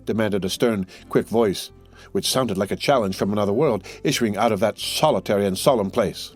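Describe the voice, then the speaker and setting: A man's voice: lowish voice, husky. Male audiobook narrator over faint music. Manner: measured storytelling, reading all parts. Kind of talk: scripted narration.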